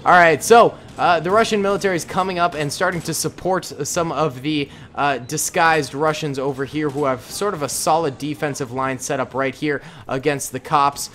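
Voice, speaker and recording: A young man from the Boston area giving relaxed, chatty, self-mocking gameplay commentary as the host of a gaming channel. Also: a little high, normal speed, hardly any pauses, slight background noise. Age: young adult.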